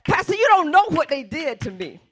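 A woman's voice: sits high, very animated, brisk, fairly bright tone, voice pushed up. A woman pastor voicing a hurt, resentful churchgoer who complains about being wronged. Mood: aggrieved. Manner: complaining, aggrieved.

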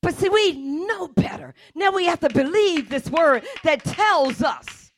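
A woman's voice: very high-pitched, expressive, measured pace, few pauses, slight background noise. A woman pastor preaching an impassioned sermon in church, repeating her point with force. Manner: impassioned, repetitive preaching, often shouting.

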